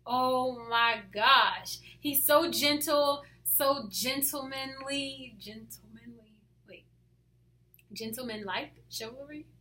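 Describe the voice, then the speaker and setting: A woman talking casually about her faith, hyper and animated, often dropping to soft asides. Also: sits high, slow. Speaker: faith vlogger. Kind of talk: casual devotional talk to camera.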